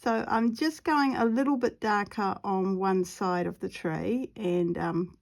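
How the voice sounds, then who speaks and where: A woman's voice: mid-range voice, measured pace, creaky. Chatty New Zealand woman painting. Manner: chatty, rambling, giggly asides, half-muttered to herself. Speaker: watercolor painting vlogger. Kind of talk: casual chat while painting.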